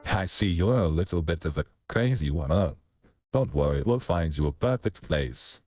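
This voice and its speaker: Deep, husky man, gentle in character. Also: animated, normal speed, no room sound, studio quality, faint music behind. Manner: gentle, reassuring. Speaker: player. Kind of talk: in-character tabletop role-play.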